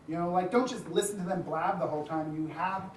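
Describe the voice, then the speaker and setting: A man's voice: high voice, a little fast, slight background noise. Chatty man giving a talk in an echoey room. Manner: chatty, with frequent asides and light laughter. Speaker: speaker at a design community event. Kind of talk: casual presentation talk. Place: event room with a live audience. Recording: echoey room, distant mic, faint ambience.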